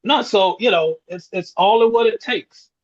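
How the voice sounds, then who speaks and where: A podcast co-host in his sixties tells reflective stories during a casual conversation, often chuckling. He has a high-pitched voice and speaks at a normal pace. The audio comes across as dull and lo-fi.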